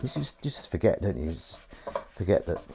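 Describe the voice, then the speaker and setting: A man's voice: low voice, big pitch swings, a little fast, gravelly, dark tone, a little hiss or hum. A man with a sweary, grumbling manner, chatting casually to viewers while scrubbing pans at his kitchen sink. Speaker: livestream host. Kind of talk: casual chat while washing up.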